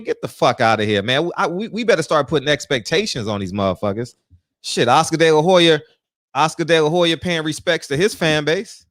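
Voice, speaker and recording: A man's voice: on the high side, fairly bright tone, dry recording. Profane livestream host man, dry sound. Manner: loose, profane, greets viewers by name. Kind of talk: casual chat.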